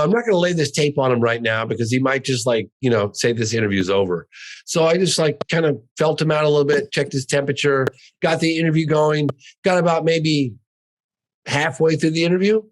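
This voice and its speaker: A middle-aged American man is a guest on a podcast, recounting events in a fairly high voice. He talks earnestly and with emphasis, insisting over and over that every word is true. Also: rough recording. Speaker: guest, documentary filmmaker. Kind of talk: animated storytelling.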